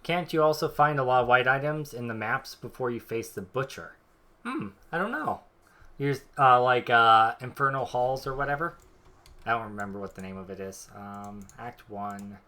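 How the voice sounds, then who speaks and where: Bright-voiced joking male streamer. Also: medium pitch, lively intonation, moderate pace. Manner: joking, chatty, thinks aloud. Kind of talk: casual gameplay commentary.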